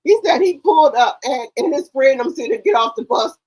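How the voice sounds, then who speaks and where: A woman hosting a live stream in casual chat. Her voice sits high, and she tells stories in an animated, laughing way, swearing freely. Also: brisk, rough recording. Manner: animated, laughing, profane storytelling.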